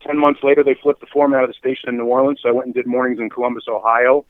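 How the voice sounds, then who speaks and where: A man's voice: mid-range voice, level tone, rapid-fire, no room sound, phone-quality sound. Sardonic Boston man with profane stories. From South Boston, Massachusetts. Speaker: radio DJ guest. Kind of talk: casual podcast chat.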